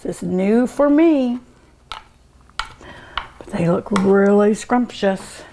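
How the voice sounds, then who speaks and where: Slow, gushing woman tasting food. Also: mid-range voice, animated, noisy background. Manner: savoring and gushing, with many drawn-out hums of delight. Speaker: cooking show host. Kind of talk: tasting food on a cooking show.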